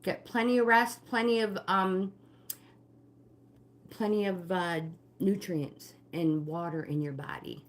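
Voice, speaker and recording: Slow-talking older woman leading a workout. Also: medium pitch, steady tone. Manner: friendly coaching, greets viewers by name. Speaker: fitness instructor and livestream host. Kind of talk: live-streamed walking workout.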